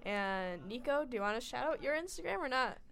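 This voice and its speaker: A woman's voice: on the high side, animated, a little fast, gravelly, fairly bright tone. Giggly teenage girl hosting a chat show. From United States. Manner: giggly, rambling with fillers. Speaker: co-host. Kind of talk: casual radio chat.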